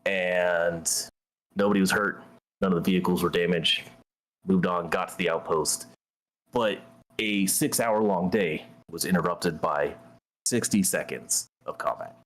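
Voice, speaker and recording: A man's voice: deep voice, measured pace, a bit bright, a little hiss or hum. A man hosting a gaming stream, telling a story in a blunt, profane, conversational way. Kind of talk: casual storytelling while gaming.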